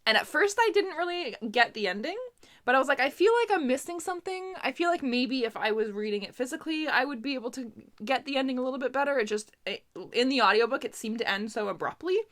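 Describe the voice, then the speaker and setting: Talking quickly in a high, expressive and fairly bright voice, the young Canadian booktuber reviews books she's read. The chat is casual, with frequent laughter and little digressions.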